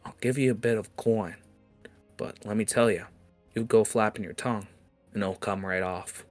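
Guy playing a big scary orc enforcer, low and quiet, menacing, some music in back. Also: steady tone, normal speed, close to an everyday voice. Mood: threatening.

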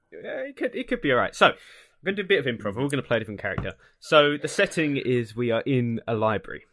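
A man's voice: mid-range voice, fairly bright tone, dry recording. A man hosting a casual podcast, laughing often and rambling through his explanations. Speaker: podcast host. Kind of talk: casual chat.

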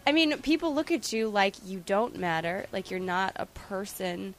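A woman in a casual group chat, asking a halting, rambling question full of fillers. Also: medium pitch, animated.

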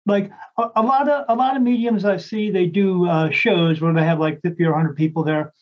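A man with a notably high voice tells a story in a loose, rambling way, stopping and restarting and acting out what others said. He speaks as a psychic medium in a casual conversation. The sound is a little dull and lo-fi. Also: fairly even intonation, a little fast. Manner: rambling, full of restarts and acted-out quotes.

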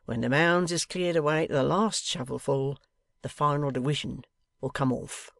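Guy doing a creaky old crook, one wooden leg, gloating, slow and mean. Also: a little high, fairly even intonation, fairly bright tone, dry recording, studio quality. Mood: menacing. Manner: menacing, deliberate, turns w for v. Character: grasping one-legged scheming male blackmailer.

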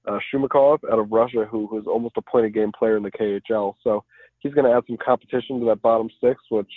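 A man appearing as a podcast guest, giving a measured rundown with frequent ums. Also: on the low side, fairly even intonation, dry recording. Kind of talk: casual sports analysis. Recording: dry, tinny phone-like line.

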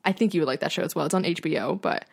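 A woman's voice: low voice, rapid-fire, vocal fry, breathy edge. A young woman co-hosting a podcast in casual chat, chatty and playful, with lots of fillers and laughter. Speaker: podcast co-host.

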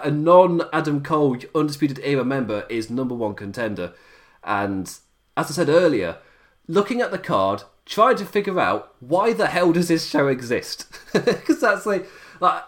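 A young man hosting a podcast, rambling casually and thinking aloud, with frequent short laughs. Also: medium pitch. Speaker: podcast host.

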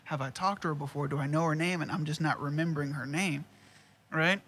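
A man's voice: on the high side, steady tone, brisk, a bit bright, slightly rough. A man, casually telling a profane work story with lots of quoted dialogue and laughter. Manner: laid-back, profane, laughs often, quotes people in dialogue.

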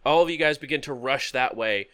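A man runs a tabletop adventure as game master, his voice bright and clean-edged. He describes each scene haltingly, pausing often on fillers. The sound is close and dry, with almost no room around it. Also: mid-range voice, dry recording.

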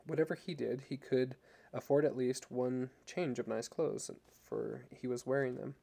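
Gravelly, dark-voiced male storyteller. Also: mid-range voice. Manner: measured, even storytelling. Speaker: narrator. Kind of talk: audiobook reading.

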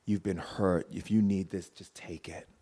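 A man voicing a gentle mother who speaks softly and lovingly to someone who hurt her. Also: low voice, steady tone, normal speed, husky, pitched below the performer's own voice. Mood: tender. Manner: soft, tender, hushed.

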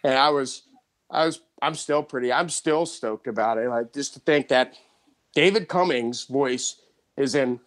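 A man hosting a podcast, telling a story in casual chat, excited, with frequent restarts and laughs. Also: mid-range voice, measured pace. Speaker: podcast host.

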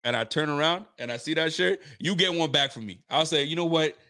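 This Nova Scotia man, a sports fan streamer, talks to his livestream audience in a loose, hyped way, often saying things twice. His voice runs on the high side, brisk, pushed and bright.

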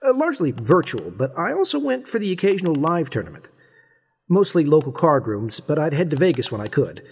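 A man's voice: fairly high pitch, sing-song, fairly quick, creaky, a little mellow, breathy edge, exaggerated voice. A young man narrating his own story in an audio drama, wry and conversational. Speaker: narrator and lead character.

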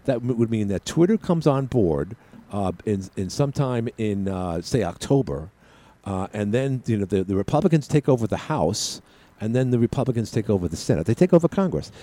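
A man's voice: lowish voice, lively intonation, a little fast, mellow. A male radio talk show host talking solo in a studio, rambling with frequent restarts and asides. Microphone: studio mic with headset.

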